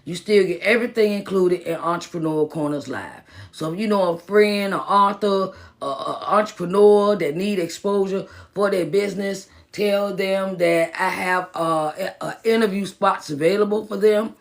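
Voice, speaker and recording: A woman's voice: medium pitch, normal speed, vocal fry, hardly any pauses. A woman who is a motivational speaker and minister, talking casually on a phone live stream, repeating herself for emphasis and greeting viewers by name. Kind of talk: live-stream pep talk.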